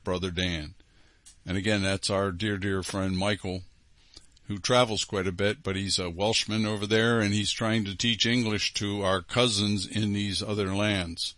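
Emphatic low-voiced male host. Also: sharp tone, no room sound. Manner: emphatic, repeats key phrases. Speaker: host reading listener letters. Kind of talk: reading letters aloud with commentary.

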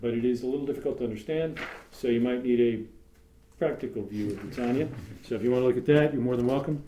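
Talking fast in a dark, mid-range voice, a congregation teacher gives a conversational sermon with joking asides and lots of fillers. He's in a meeting room with the congregation, picked up by a room mic for the live stream amid echo and a faint hum.

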